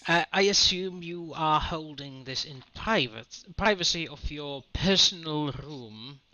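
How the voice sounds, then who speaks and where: A man acting as game master, narrating a tabletop science-fiction game with jokes and quick self-corrections. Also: a little high, pushed and bright, dull audio. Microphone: home mic on an online call.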